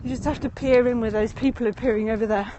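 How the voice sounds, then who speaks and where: A high-pitched woman chats her way through a walking tour outdoors, speaking into a handheld phone as she goes. She rambles, laughs often, and sounds slightly out of breath. Faint open-air ambience sits behind her voice. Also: steady tone, fast, mellow, a little hiss or hum, low-quality recording. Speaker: tour guide. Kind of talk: live-streamed walking tour. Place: outdoors in a city meadow and gardens.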